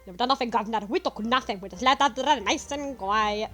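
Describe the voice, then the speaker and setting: A woman's voice: on the high side, fast, sharp tone, faint music behind. A woman voicing a shifty male Cockney thief in a game playthrough, blustering and jeering. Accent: Cockney put-on.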